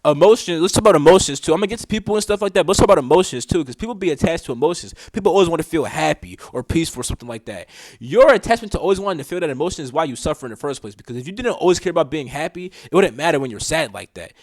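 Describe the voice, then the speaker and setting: A man's voice: a little high, lively intonation, rapid-fire, no room sound, low-quality recording. A young man giving a casual spiritual talk, slangy and swearing, often asking "you know what I'm saying". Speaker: spiritual teacher.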